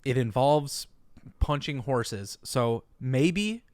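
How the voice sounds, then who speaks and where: A man's voice: medium pitch, expressive, drawn-out words, darkish tone, no room sound. A man co-hosting a casual comedic podcast, telling stories with animation and stammering restarts. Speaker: podcast co-host.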